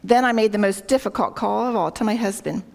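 This woman's mid-range voice is brisk and darkish, with vocal fry. She earnestly leads a devotional talk for a women's group, telling an anecdote, reading scripture, and often questioning her listeners, all through a worn microphone.

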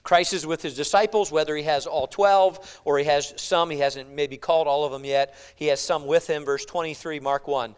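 A male pastor preaching a sermon in a joking, conversational way, swinging from hushed asides to loud emphasis. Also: a little high, steady tone, normal speed, hardly any pauses, clean tone.

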